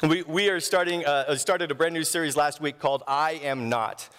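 A male pastor preaching a sermon, telling stories in an animated way. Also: a little high, normal speed, smooth. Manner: storytelling, animated. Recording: long hall reverb.

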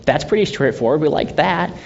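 A man leading a Bible study in a conversational way, asking rhetorical questions and laughing softly now and then. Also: lively intonation, a little fast. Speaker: Bible teacher. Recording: dull lo-fi sound with faint rumble.

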